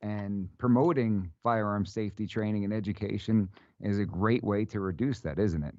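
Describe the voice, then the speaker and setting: A male radio host interviewing a guest, easygoing and quick to laugh. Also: on the low side, darkish tone, dry recording, highs cut off.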